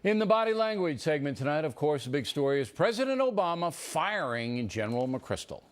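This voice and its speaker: A man's voice: fairly high pitch, big pitch swings, fairly quick. A man hosting a TV talk segment, blunt and emphatic, often cutting in. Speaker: TV host. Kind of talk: opinionated talk-show banter.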